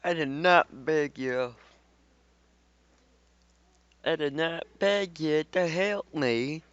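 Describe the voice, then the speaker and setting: A man's voice: fairly high pitch, slow, a bit bright, smooth, no echo, voice pushed up. A man voicing a haughty, offended goddess in a put-on British accent, with clipped, indignant denials. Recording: dull, dry recording.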